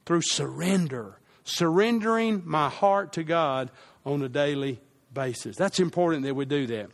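Slow, high-voiced male pastor preaching. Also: animated. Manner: leads the congregation in repeating phrases; repeats key lines slowly for emphasis. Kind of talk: sermon.

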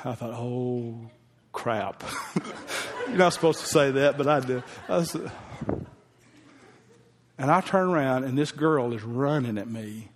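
A man's voice: medium pitch, measured pace, pauses often, noisy background. A man, a pastor telling a heartfelt personal story in a folksy sermon. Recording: long hall reverb.

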